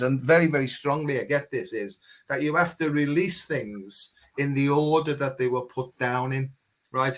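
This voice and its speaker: A man's voice: on the high side, a bit bright. A man speaking as a guest, talking frankly and at length in a rambling, conversational way, full of "you know". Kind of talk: candid conversational testimony.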